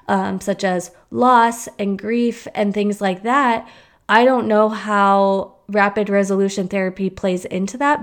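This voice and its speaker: A young woman hosting a podcast, talking in a casual, rambling way with many fillers and restarts. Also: medium pitch. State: hiccups. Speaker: podcast host. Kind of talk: casual solo podcast chat.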